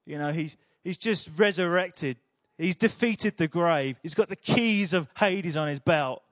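A man's voice: fairly high pitch, measured pace, fairly bright tone, no echo, studio quality. A man preaching a sermon in a chatty, humorous storytelling way.

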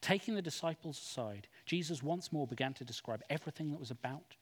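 A man giving an expressive, dramatic Bible reading. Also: fairly high pitch, fast talker, slightly rough. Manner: expressive, acts out quoted speech. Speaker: scripture reader. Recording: long hall reverb.

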